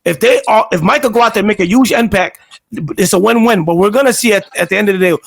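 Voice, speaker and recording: High, gravelly sports talk host. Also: male voice, fast talker. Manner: animated, rambling, frequent restarts. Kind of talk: casual sports debate.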